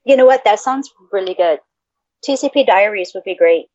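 A woman's voice: mid-range voice, animated, normal speed, darkish tone, no room sound. A woman co-hosting a podcast in casual chat, swearing freely and laughing often. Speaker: podcast co-host. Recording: dull lo-fi audio.

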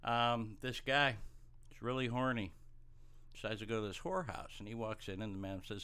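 A man's voice: on the low side, steady tone, a little fast, sharp tone, clean tone. A middle-aged man telling stories and jokes in a casual, self-deprecating way, acting out voices. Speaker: podcast co-host telling life stories. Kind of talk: casual storytelling chat.

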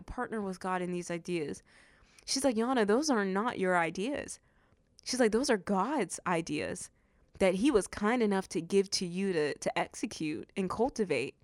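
Young woman podcasting, smooth clear voice, lowish, dry close sound, acts out quotes. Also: no echo. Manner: animated storytelling, acts out quotes. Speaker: podcast host. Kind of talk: faith-based podcast monologue.

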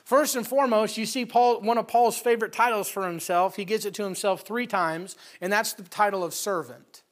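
A man preaching a sermon, emphatic and folksy, telling stories between scripture readings and building to loud peaks. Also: high-pitched, brisk. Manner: folksy with storytelling asides.

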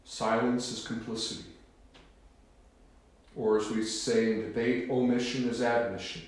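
Slow, solemn preacher in an echoing church. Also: male voice, medium pitch, flat delivery. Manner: solemn, emphatic, deliberate. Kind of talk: sermon. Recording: very echoey room.

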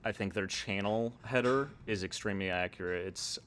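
A man with a very deep voice and a bright, forceful edge, chatting as a podcast guest. He is reflective and enthusiastic, often murmuring agreement while the host talks. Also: moderate pace, a little hiss or hum. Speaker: podcast guest, video essayist. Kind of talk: casual podcast conversation.

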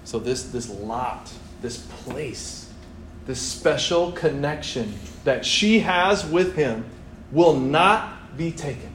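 A young man preaching a sermon in a church, animated and playful, acting out voices as he tells the story. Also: on the high side, slow, a little hiss or hum. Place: church hall. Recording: echoey church room, faint ambience.

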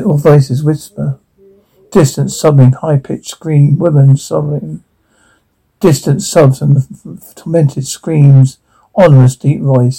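Slow, gravelly man reading aloud. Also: a little high, warm tone, poor audio. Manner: slow, halting, stumbling over words. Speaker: reader. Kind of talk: reading a show transcript aloud.

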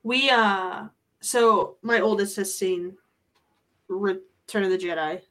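A woman with a mid-range voice hosts a podcast in casual chat, excitable and quick to laugh.

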